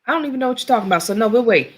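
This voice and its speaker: A woman's voice: a little high, lively intonation, racing, breathy edge. A woman co-hosting an online show in casual chat, joking and laughing easily. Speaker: co-host.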